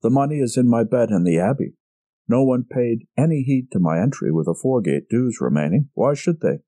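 A man's voice: mid-range voice, expressive, a little fast, mellow, no echo. A man reading a story, voicing a frightened, scheming murderer who pleads in a feverish, breathless manner. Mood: bitter. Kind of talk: audiobook character reading.

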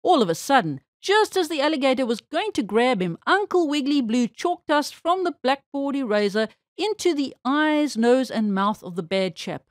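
A woman reading a children's storybook aloud with expressive, animated storytelling. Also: high voice, moderate pace, hardly any pauses, no echo, studio quality.

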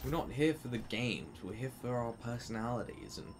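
A man's voice: mid-range voice, brisk, noisy background. A man co-hosting a let's play, rambling and joking in casual gaming banter. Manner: rambling, joking, puts on silly voices.

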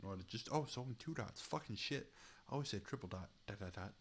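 Excitable, laughing male streamer. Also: on the low side, fast, breathy edge. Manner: laughs often, swears freely, reacts excitedly. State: short on sleep. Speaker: streamer hosting a chat game. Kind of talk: casual live commentary.

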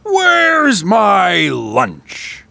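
A storybook reader voicing a big, hungry male giant who roars slowly for his lunch. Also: medium pitch, wildly swooping pitch, gravelly, pushed and bright, dry recording, pitched above the performer's own voice, exaggerated voice. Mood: hungry, demanding. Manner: slow, drawn-out roaring.

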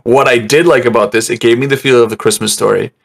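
A man reviewing a movie in casual chat, rambling and swearing, acting out scenes in quick voices. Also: mid-range voice, steady tone, vocal fry.

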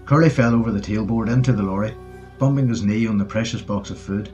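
A man narrating a war story audiobook in a steady storytelling manner. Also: fairly low pitch, fast. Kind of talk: scripted narration. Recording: dull lo-fi audio with faint music.

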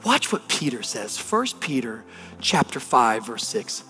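A man's voice: medium pitch, very animated, a little slow, sharp tone, soft background music. A man in his thirties, a pastor delivering a sermon, telling a story with animation and building to emphatic preaching.

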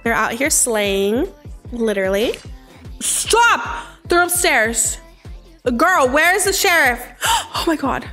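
A woman streaming a game live, chatting with viewers in a bubbly, excitable way and breaking into sudden squeals. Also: high-pitched, unhurried. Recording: faint game music behind.

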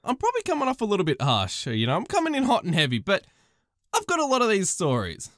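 A woman with an Australian accent narrating retail stories in an exaggerated, sarcastic, expressive way. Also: medium pitch, fast, no echo, clean studio sound. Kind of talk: animated story-time narration.

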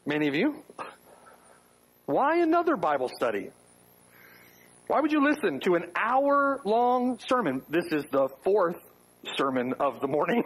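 A man's voice: on the high side, slightly rough, poor audio. A man preaching a sermon to his congregation, firing off rhetorical questions with wry asides. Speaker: pastor. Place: church.

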